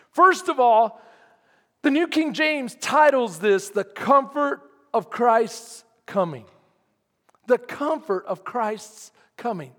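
A man's voice: extremely high pitch, fairly bright tone, long reverb tail. A man preaching a sermon as pastor, emphatic and quizzing his congregation. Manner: emphatic, asks the congregation questions.

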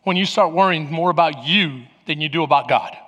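A man preaching a sermon as pastor, emphatic and repetitive, with bursts of shouting and playful acted-out scenes. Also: a little high, fairly quick, big-room sound. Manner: playful, acts out little scenes.

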